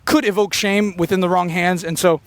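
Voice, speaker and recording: A man doing an unfiltered stream-of-consciousness comedy monologue, rambling and fast-talking with quick tangents. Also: sits high, steady tone, a little hiss or hum. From Filipino heritage. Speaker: comedian podcaster. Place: beach location outdoors.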